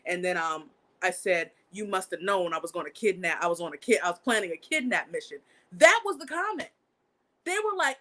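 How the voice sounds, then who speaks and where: A young woman hosting her own channel, telling a story in a casual, animated way, swearing freely and jumping up in pitch when she gets outraged. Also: brisk. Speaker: channel host. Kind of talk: casual live-stream storytelling.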